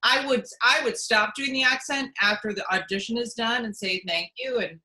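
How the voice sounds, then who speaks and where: A woman's voice: fairly high pitch, moderate pace, bright, forceful tone, low-quality recording. A woman working as a casting director, answering interview questions in a chatty way with many restarts and fillers. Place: at home.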